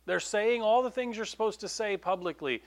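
A man preaching a sermon in a conversational, animated way, with quick asides to the congregation. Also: sits high. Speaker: pastor.

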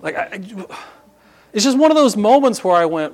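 A man's voice: sits high, big pitch swings, normal speed, a little mellow, a little hiss or hum. A male pastor preaching a sermon, firing rhetorical questions at his congregation and acting out disbelieving reactions. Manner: acts out incredulous reactions. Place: church sanctuary at a podium.

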